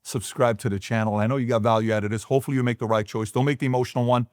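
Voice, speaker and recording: In a studio-quality recording with no room sound, a man hosting a business talk races along in a steady, medium-pitched tone. He speaks emphatically to camera and leans heavily on rhetorical questions.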